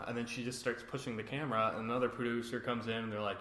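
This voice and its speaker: In an echoey room, a fast-talking man with a mid-range voice recaps a reality show for his podcast, animatedly acting out the cast members' quotes.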